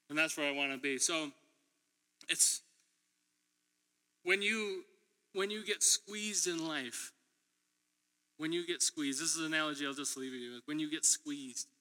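A man's voice: fairly high pitch, pushed and bright. A man preaching a sermon in a church hall, telling stories in a chatty way, laughing often and acting out what people said. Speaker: preacher and middle school teacher. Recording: long hall reverb.

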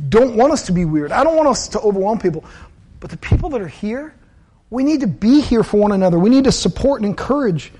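A man's voice: high voice, dark tone. A man preaching a sermon in an earnest, conversational way, telling personal stories and repeating phrases for emphasis. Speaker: pastor.

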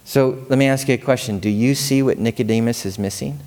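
Brief: male pastor, lively storytelling sermon, mid pitch, lots of rhetorical questions. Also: brisk.

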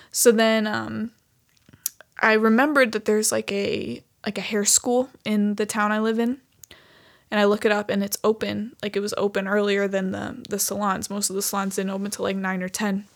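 Chatty woman with vocal fry. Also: mid-range voice, flat delivery, normal speed. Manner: chatty, heavy use of "like", earnest. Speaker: podcast host. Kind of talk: casual personal storytelling.

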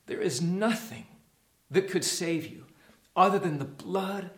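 A man preaching a sermon as a pastor, earnest, dropping to a hush and rising to emphasis. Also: high voice, unhurried, reverberant. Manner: earnest, swings from hushed to emphatic.

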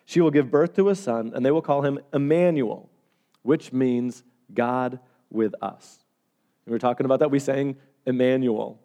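A man preaching a sermon as pastor, telling stories with animated swings between loud and hushed delivery. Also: mid-range voice, quick pace.

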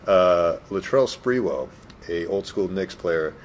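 A man hosting a casual podcast chat, laid-back and quick to laugh. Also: low-pitched, lively intonation, a little hiss or hum. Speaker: podcast host.

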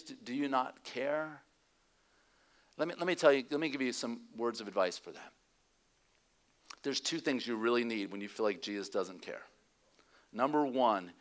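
A male pastor preaching a sermon in an animated way, sometimes dropping to a hushed, near-whispered tone. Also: on the high side.

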